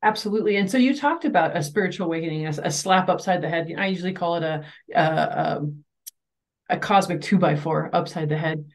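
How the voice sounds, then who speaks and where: A woman hosting a podcast interview, chatty and easily excited. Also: on the low side, fairly quick. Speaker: podcast host. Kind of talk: casual interview talk.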